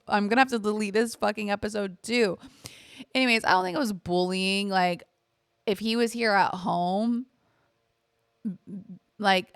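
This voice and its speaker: Rambling young woman, gravelly and dry. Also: mid-range voice, fairly bright tone, no echo. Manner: rambling and candid, fillers and swearing. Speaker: podcast host. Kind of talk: casual chat, storytime.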